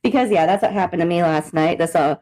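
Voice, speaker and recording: A woman hosting a podcast, telling stories in a hyper, profane casual chat. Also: poor audio. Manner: animated, profane storytelling with quick pitch jumps. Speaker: podcast host.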